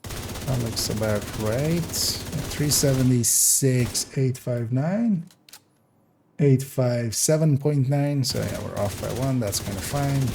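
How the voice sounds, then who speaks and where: A man in casual live-stream commentary, thinking aloud at an unhurried pace as he works through numbers. His voice is gravelly with vocal fry and has a dark, mellow tone, often trailing off into hesitant fillers. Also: medium pitch, a little hiss or hum. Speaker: game streamer.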